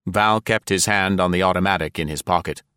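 Deep-voiced male audiobook narrator. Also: fairly quick, pushed and bright, clear, resonant tone, no echo, clean studio sound.

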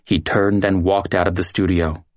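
A man's voice: low voice, steady tone, moderate pace, no room sound, studio quality. Man narrating a dramatic story.

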